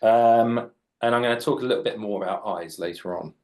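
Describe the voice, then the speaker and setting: Drawing live for young readers, this late-40s children's author keeps up jokey, chatty explanations of his work. His voice is on the low side and a little mellow, moving a little fast.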